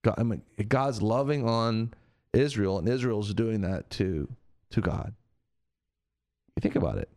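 A man's voice: lowish voice, a little slow, pauses often, darkish tone. A man preaching conversationally, earnest and repetitive, sometimes acting out the voices he quotes. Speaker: preacher on a radio show.

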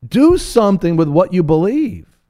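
Animated man preaching with lively pitch. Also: moderate pace. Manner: animated, playful, acts out biblical voices. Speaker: Bible teacher. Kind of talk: preaching talk on a broadcast.

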